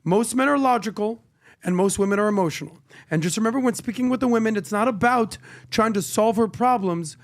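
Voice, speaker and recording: A man with a high-pitched voice co-hosts a casual talk show and gives brash, confident advice. He sounds dry and close to the mic. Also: a little fast, no echo. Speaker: co-host. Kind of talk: casual chat, giving advice.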